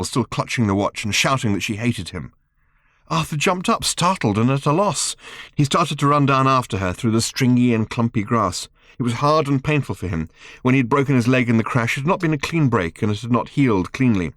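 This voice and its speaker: A man narrating an audiobook in a wry, measured manner, with his pitch moving lively through each sentence. The recording is dry and close, with no room sound. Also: dry recording. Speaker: author reading own book.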